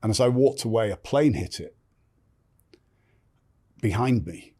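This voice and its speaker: A man's voice: lowish voice, expressive, unhurried, dark tone, husky. An older man telling his life story candidly as a podcast guest, blunt and swearing freely, often restarting sentences.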